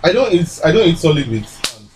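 A young man from Nigeria, chats on a podcast in a fairly high voice. His pitch moves around a great deal. He talks emphatically, circling back to say the same point again. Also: very animated, brisk, slight background noise, poor audio. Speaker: podcast co-host. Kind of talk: casual chat.

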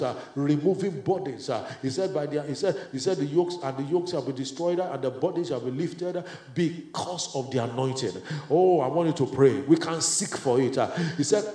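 A man's voice: fairly high pitch, dark tone. Fervent male preacher in echoey room. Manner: halting, full of filler sounds; fervent, praying in tongues. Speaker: pastor leading prayer. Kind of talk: sermon and group prayer. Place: retreat meeting room.

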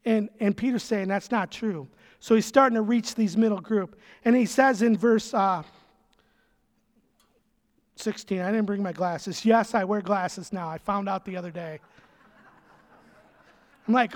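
A man's voice: very high-pitched, lively intonation, normal speed. A man preaching a conversational sermon as a pastor, emphatic, repeating phrases and dropping casual asides. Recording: long reverb of a large hall.

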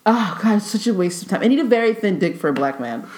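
A young woman comedian telling a story in a casual podcast chat, animated and profane, laughing often and acting out the dialogue. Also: mid-range voice, fast, a little hiss or hum. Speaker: stand-up comedian guest. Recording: roomy echo.

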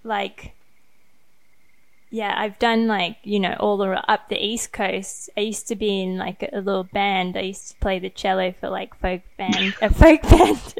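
A woman's voice: medium pitch, unhurried, gravelly. A woman from Australia hosting a podcast, chatting casually with many fillers and light laughs. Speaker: podcast host. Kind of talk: casual chat.

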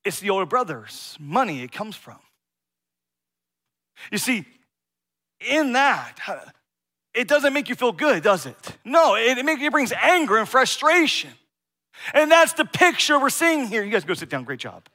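A middle-aged male pastor with a very high, pushed and bright voice preaches at a measured pace, leaving long pauses and swinging widely in pitch. He keeps the sermon conversational, checking in with the congregation through frequent "right?" asides.

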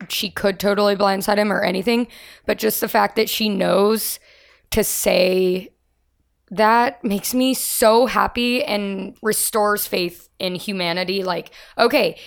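Woman, podcast co-host, slightly gravelly voice, enthusiastic casual chat. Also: medium pitch. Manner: enthusiastic, gushing.

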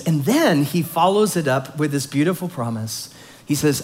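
A man's voice: fairly high pitch, moderate pace. A man preaching a sermon, reading scripture and explaining it, acting out quoted voices with rising emphasis. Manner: expressive, acts out quoted lines with rising emphasis. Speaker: pastor.

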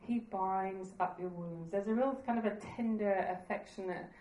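A woman's voice: mid-range voice, normal speed, mellow, roomy sound, poor audio. A woman preaching a sermon in an earnest, conversational way, laughing at herself now and then.

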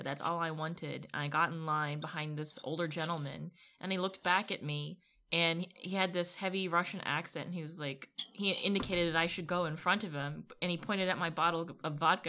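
A woman's voice: lowish voice, sharp tone. A woman co-hosting a podcast in casual chat, laughing often as she tells stories. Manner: laughing, storytelling, profane. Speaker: podcast co-host.

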